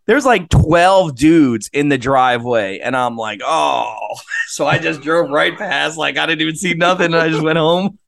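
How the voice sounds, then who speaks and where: A man co-hosting a casual podcast, telling his own story in an animated way and laughing along. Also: a little high, moderate pace, vocal fry, no room sound, clean studio sound. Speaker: podcast co-host.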